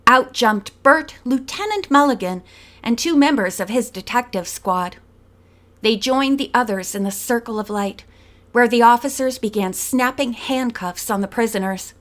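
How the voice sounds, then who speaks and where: Slow, high-voiced woman audiobook narrator. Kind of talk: scripted narration.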